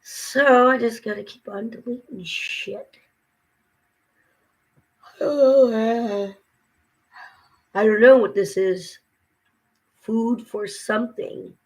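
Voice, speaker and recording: Worn out woman ranting to camera, breathy, fed up and sarcastic. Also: fairly high pitch, steady tone, slow, long pauses, low-quality recording. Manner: weary and frustrated, venting with mocking asides. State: exhausted. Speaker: vlogger. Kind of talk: casual talk to camera.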